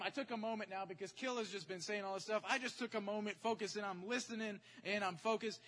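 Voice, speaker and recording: A man preaching, telling a testimony story in an animated, chatty way and checking in with his audience. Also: high voice, fast talker, few pauses. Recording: echoey hall.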